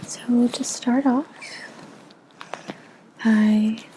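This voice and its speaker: A young woman giving a whispered ASMR book review in a soft, unvoiced whisper, gentle and unhurried with little filler pauses. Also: fairly high pitch, steady tone, slight background noise, poor audio. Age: young adult.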